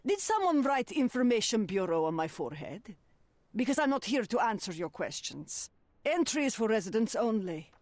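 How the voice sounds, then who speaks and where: A woman's voice: on the high side, big pitch swings, moderate pace, darkish tone, dry recording. Old game landlady, stern, prim, scolding, dry booth sound. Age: older. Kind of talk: video game voice acting.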